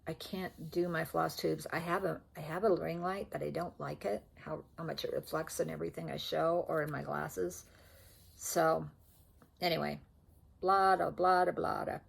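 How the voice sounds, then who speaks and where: A woman's voice: deep voice, steady tone, moderate pace, gravelly, husky. An older woman vlogging about her stitching at home, rambling and chatty and often correcting herself as she shows off her threads. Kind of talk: casual show-and-tell chat. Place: at home indoors.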